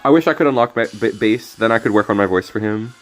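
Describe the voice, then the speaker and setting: Speaking quickly in a lowish voice, a young man streams a card game with easygoing, humorous commentary. He tends to mumble his asides, and faint music can be heard in the background.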